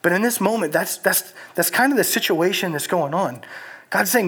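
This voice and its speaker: A young adult preacher with a husky, breathy voice, telling a story in a loose, chatty way. The talk is casual and full of filler words, more like chatting with friends than a formal sermon. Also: mid-range voice, moderate pace, fairly bright tone.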